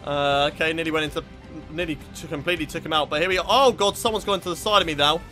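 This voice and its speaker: Brief: young British gamer guy, high-pitched, sweary and easily riled, live racing commentary over faint game music. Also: quick pace. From Britain. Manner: frustrated, sweary, shouts at rival drivers. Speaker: gaming YouTuber.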